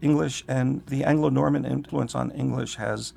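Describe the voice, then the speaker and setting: Gravelly-voiced man professor, scratchy throat. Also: mid-range voice, steady tone, warm tone. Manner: thoughtful, digressive, slows to read aloud. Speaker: literature professor, guest. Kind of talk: conversational interview.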